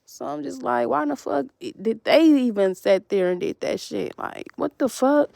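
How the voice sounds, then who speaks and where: A woman's voice: a little high, sing-song, unhurried, gravelly, warm tone, no room sound, studio quality. A woman telling a long, rambling, profane story in an agitated monologue to camera.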